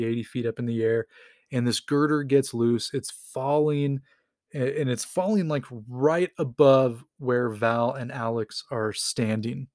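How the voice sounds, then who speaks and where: A man's voice: medium pitch, no echo, clean studio sound. A man casually retelling a story in a rambling, enthusiastic way, with lots of fillers. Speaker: comics recap host.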